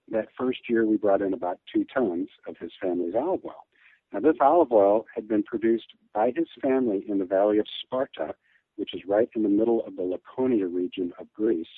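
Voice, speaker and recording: A man's voice: fairly low pitch, slightly rough, no echo. A man being interviewed as an olive oil distributor, talking earnestly and enthusiastically with frequent restarts. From Midwest US. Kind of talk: podcast interview. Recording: tinny phone line.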